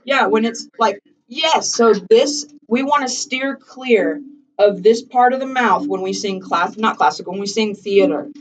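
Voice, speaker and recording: A woman's voice: on the high side, a little slow, far from the mic, rough recording. A woman teaching a voice lesson, chatty and encouraging, sometimes singing examples.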